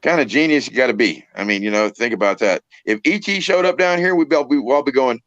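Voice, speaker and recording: A man's voice: medium pitch, expressive, fast talker, fairly bright tone, no echo, dull audio. A man hosting a casual livestream chat on his phone, rambling, joking and swearing as he goes. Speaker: host of a trucking livestream. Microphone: phone held in hand.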